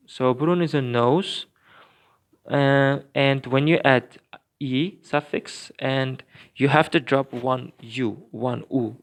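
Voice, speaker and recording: Slow, clear-voiced man teaching grammar. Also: mid-range voice. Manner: slow, careful explaining with many fillers and restarts. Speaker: language teacher. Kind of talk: recorded grammar lesson.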